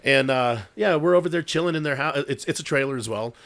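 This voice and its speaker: His voice is on the high side, quick, creaky, and fairly bright as he co-hosts a podcast. He casually recounts a ghost story, cursing a lot and dropping "dude" often.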